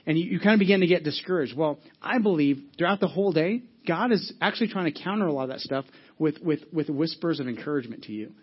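Fast-talking husky guy preaching, kinda high voice, repeats himself, dull lo-fi sound. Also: animated. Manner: conversational, repeats words often, swings between loud and soft. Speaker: pastor. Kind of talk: sermon.

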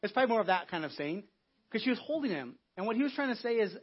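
Man, pastor, conversational sermon, raspy tone, muffled recording. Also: high-pitched, big pitch swings, racing. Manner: conversational, acting out biblical quotes. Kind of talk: Easter sermon. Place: church.

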